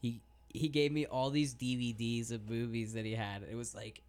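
A man's voice: mid-range voice, level tone, moderate pace, a little mellow. A young man co-hosting a casual college radio show, telling stories in a laid-back way with many fillers.

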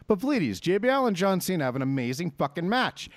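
A man's voice: high-pitched, sing-song, fairly quick, few pauses, dry recording, studio quality. A man hosting a podcast in casual chat, riffing with a profane, mock-hyped manner. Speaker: podcast host.

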